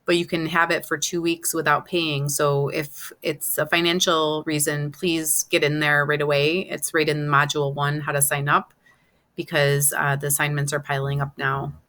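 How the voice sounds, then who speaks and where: A woman teaching a Spanish class, explaining step by step with many pauses and fillers. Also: low-pitched, little pitch movement, fairly bright tone. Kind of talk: online class lesson.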